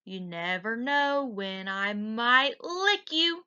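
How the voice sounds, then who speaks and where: A big, scruffy storybook monster who slurps his words and whines when he doesn't get his way, as a woman reads him out. The voice drags along slowly and is bright and forward in tone. It is heard through a dull, lo-fi recording. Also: fairly high pitch, expressive, clean tone, exaggerated voice. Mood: slurpy. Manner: slurping, whiny.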